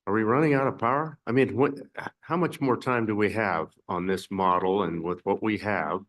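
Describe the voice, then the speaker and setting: A low-voiced man speaks as a state senator in a committee hearing room. He talks into a table microphone and asks his question hesitantly, stumbling and repeating words along the way. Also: moderate pace, fairly bright tone.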